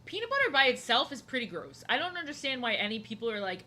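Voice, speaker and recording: With a high, bright, forceful voice that swings widely in pitch, this young woman talks fast as she draws at her home desk. As an art streamer she chats casually, rambling between jokes and breaking off mid-sentence.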